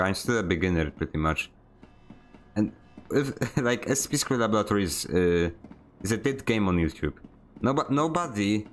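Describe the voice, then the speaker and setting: A man with a lowish voice chats while he plays a game on stream. He rambles, pokes fun at himself and keeps stumbling into restarts mid-sentence. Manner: joking, self-mocking. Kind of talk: casual chat while gaming.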